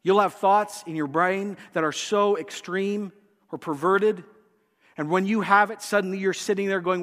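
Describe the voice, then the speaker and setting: High-voiced pastor preaching. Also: male voice, normal speed, big-room sound. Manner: earnest, direct, addresses the congregation. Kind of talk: sermon. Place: church sanctuary.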